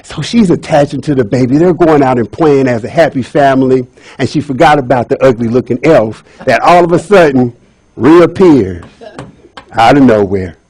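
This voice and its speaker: A man's voice: medium pitch, normal speed, slightly rough, dry recording, poor audio. A man giving a playful comic retelling of a fairy tale as a speech at a speaking club. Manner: animated, playful storyteller.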